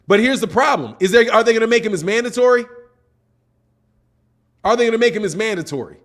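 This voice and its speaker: High-voiced man ranting casually. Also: expressive, quick pace. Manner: exasperated, ranting, peppers sentences with "man". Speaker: boxing channel host. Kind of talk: casual livestream commentary answering chat.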